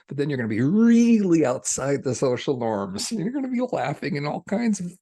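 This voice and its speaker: A man delivering a channeled spiritual message, soft-spoken and at times hushed. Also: a little high, sing-song, normal speed, few pauses, breathy edge.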